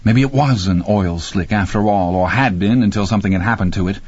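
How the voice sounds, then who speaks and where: A man's voice: fairly low pitch, a little fast, a little mellow, husky, dry recording, highs cut off. A man voicing a frightened but sardonic bookish teenage boy. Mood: shaken wry. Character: shaken bookish teenage boy, wry and nervous.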